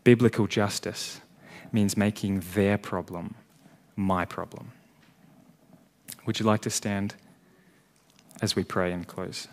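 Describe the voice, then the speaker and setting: Male pastor, low voice, earnest sermon delivery, swells loud then falls hushed. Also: fairly even intonation, slow, long pauses. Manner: earnest, rising to emphatic peaks then dropping quiet. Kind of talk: sermon ending in prayer. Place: church.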